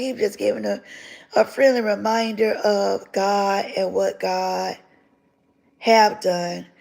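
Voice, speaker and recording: Gravelly woman giving a fervent testimony. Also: medium pitch, a little mellow, poor audio. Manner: fervent, repeats phrases for emphasis. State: tearful at times. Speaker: livestream host sharing her testimony. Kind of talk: emotional spoken testimony on a livestream.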